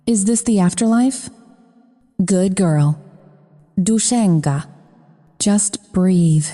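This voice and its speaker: A woman's voice: fairly low pitch, dark tone, big-room sound. A woman narrating a romance audiobook in the first person, in an intimate, breathless telling.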